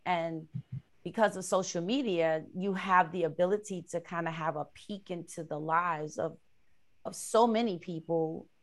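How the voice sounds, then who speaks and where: A woman hosting a casual podcast over a video call, upbeat and quick to laugh. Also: fairly low pitch. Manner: upbeat, laughs often, greets warmly. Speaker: podcast host.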